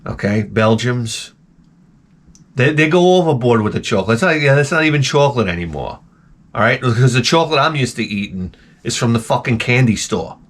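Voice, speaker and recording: A man's voice: medium pitch, expressive, fairly quick. A man telling rambling, profane stories as a channel host and acting out his own reactions. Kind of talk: rambling casual monologue.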